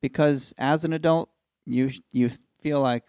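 A man's voice: a little high, fairly even intonation, a little slow, a little mellow, clean tone, dry recording. A man co-hosting a casual Christian podcast, offering short reflective remarks. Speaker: podcast co-host.

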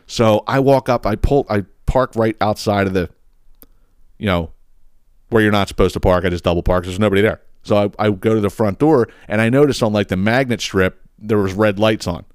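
A man tells a story in a loose, profane, animated way, often acting out the lines people said to him. His voice sits a little low. The sound is dry and close, with almost no room echo. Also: a little fast, clean tone. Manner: profane, animated storyteller who acts out quotes. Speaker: podcast host. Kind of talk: casual storytelling.

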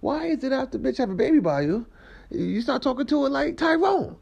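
This clip has dull audio of a 30-something vlogger whose voice is gravelly with a breathy edge. He talks fairly quickly as he roams his house, ranting and swearing in an animated, comic monologue that jumps from high squeals to low mumbles.

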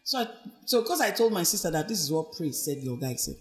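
A woman as a podcast guest, telling her personal story in an earnest, reflective way and animatedly acting out what others said. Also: fast. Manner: animated, acts out quoted speech with big pitch swings.

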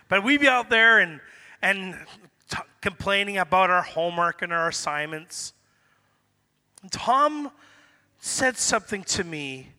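A man's voice: high-pitched, bright, forceful tone. A middle-aged man preaching a sermon in a casual, conversational way, acting out the dialogue from a personal story. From Canada. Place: church hall. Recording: long reverb of a church hall.

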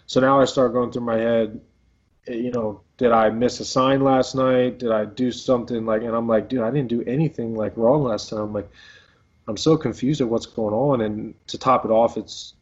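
A man's voice: mid-range voice, steady tone, normal speed, breathy edge. A man in his twenties, a pro baseball player, telling a story casually in an interview with lots of fillers and restarts. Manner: rambling, filler-heavy, laid-back. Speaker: professional baseball player guest. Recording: dull lo-fi audio.

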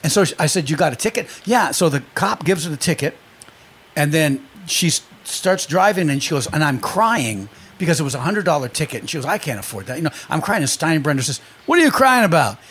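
Higher-voiced male interview host. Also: animated, a little fast, a bit bright, a little hiss or hum. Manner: laughs easily, tells his own anecdote. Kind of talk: conversational interview.

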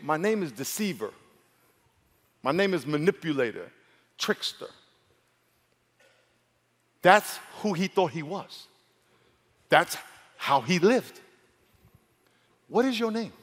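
A pastor from New York preaching a humorous sermon, acting out dialogue between stories. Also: male voice. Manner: storytelling, acts out dialogue with big pitch swings and laughs. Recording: long hall reverb.

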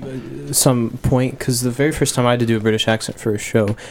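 A young man from the United States speaks as an actor guest on a radio show. His voice stays monotone and level, and he talks with measured pauses and small restarts. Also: medium pitch, creaky. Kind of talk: casual radio interview chat.

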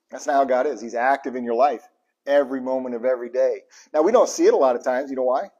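A pastor preaching a live sermon with passion, dropping to a hush and then bursting out loud, chuckling between points and repeating lines for emphasis. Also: male voice, mid-range voice, a little fast, lo-fi sound. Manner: impassioned preaching, swings from hushed to loud bursts.

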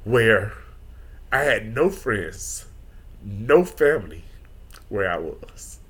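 Speaking extremely slowly in a lowish, sing-song, slightly rough voice, a podcast host reflects on his feelings. The monologue is earnest, emotionally open and preacher-like.

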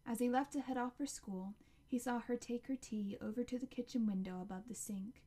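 A woman reads a novel aloud as an audiobook narrator, measured and expressive. Her voice sits slightly high, with a mellow, warm tone. She paces the story carefully and shades it with feeling.

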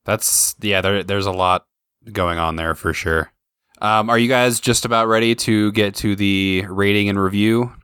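A man hosting a casual podcast chat, relaxed and swearing freely as he leads the ratings. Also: fairly low pitch, measured pace, clean tone, dry recording, studio quality. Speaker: podcast host.

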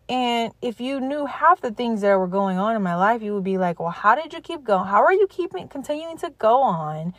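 A woman's voice: medium pitch, dry recording. A woman hosting a motivational podcast, talking to listeners directly in an earnest, encouraging way. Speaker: podcast host.

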